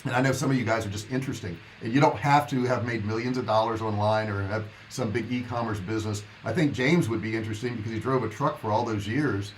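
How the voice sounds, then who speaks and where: A man's voice: on the low side, steady tone, fast talker, few pauses, a little hiss or hum, poor audio. A man hosting a casual live stream, talking to his viewers in a loose, rambling, chatty way. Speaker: livestream host.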